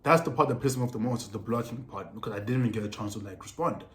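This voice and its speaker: A young South African man telling a personal story to camera in a casual, animated way, heavy on slang and repeated phrases. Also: lowish voice, very fast. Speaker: storytelling vlogger. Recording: roomy echo with faint music.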